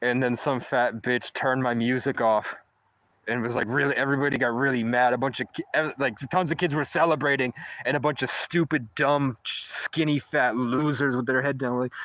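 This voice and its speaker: A man's voice: medium pitch, steady tone, fairly quick, a bit bright, no echo, poor audio. A homeless man telling a long story casually, rambling and swearing, with many false starts. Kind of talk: casual first-person storytelling.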